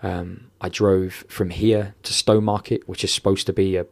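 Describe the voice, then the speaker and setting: Deep-voiced man, monotone, emotional, halting, swears a lot. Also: creaky. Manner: candid, heavy swearing, halting restarts. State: emotional, near tears. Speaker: podcast guest. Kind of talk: emotional interview storytelling.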